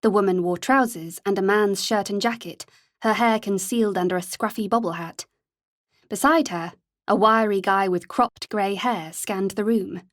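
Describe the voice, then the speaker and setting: A woman narrates an audiobook in a measured, steady storytelling style. Her voice is mid-range, and the recording is dry and of studio quality.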